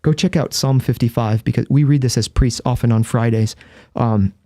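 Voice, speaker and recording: A man's voice: mid-range voice, fairly even intonation, normal speed, mellow, no room sound. A man, a Catholic priest and guest, explaining in earnest, vivid storytelling with a close studio microphone. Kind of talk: conversational explanation.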